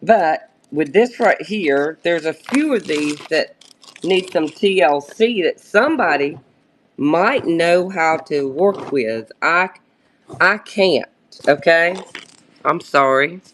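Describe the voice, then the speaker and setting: A woman selling vintage brooches on a live stream in a casual, halting pitch, often pausing to search for words. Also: lively intonation, slight background noise.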